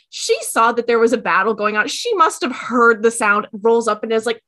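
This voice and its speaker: Expressive high-voiced woman chatting. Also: brisk, hardly any pauses. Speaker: podcast co-host. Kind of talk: casual chat.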